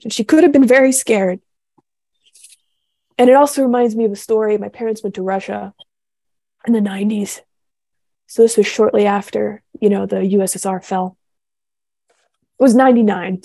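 A young woman talking through her faith in a loose, heartfelt way, circling back on herself with fillers and restarts. Her voice is mellow and gravelly with a dry, close sound. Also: a little high, no room sound. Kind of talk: casual spiritual talk.

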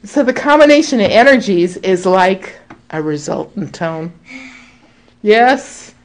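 A woman speaking earnestly and reflectively to a group, explaining ideas with frequent pauses and fillers. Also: mid-range voice, expressive. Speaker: speaker leading a spiritual group talk.

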